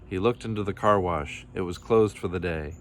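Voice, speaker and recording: A low-voiced man reads a children's story aloud at a moderate pace, telling it plainly and steadily. A faint hiss runs beneath his voice.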